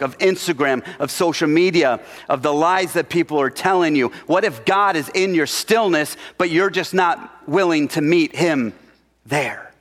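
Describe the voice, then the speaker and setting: A middle-aged male pastor preaching a sermon, swinging between loud emphatic lines and hushed whispers. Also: a little high, moderate pace, creaky. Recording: reverberant hall.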